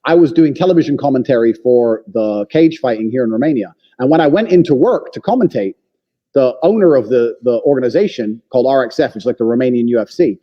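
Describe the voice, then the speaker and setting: A man as a podcast guest, talking bluntly and forcefully with lots of swearing and emphatic claims. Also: mid-range voice, expressive, fast. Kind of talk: blunt opinionated conversation. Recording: long reverb, dull lo-fi sound.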